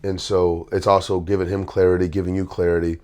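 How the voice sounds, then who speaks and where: A middle-aged man with a very deep voice speaks calmly and evenly. He leads a relaxed interview about coaching and sounds measured. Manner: calm, measured, even-tempered. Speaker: host and basketball trainer. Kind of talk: casual interview chat.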